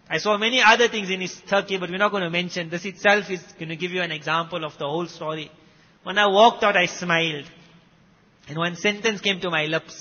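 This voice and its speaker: A man from South Africa with a South African Indian English accent, telling stories in a sermon with emphatic swings between loud and soft. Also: high voice. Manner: emphatic, rising and dropping loudness. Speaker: preacher. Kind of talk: sermon storytelling. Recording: muffled recording with long hall echo.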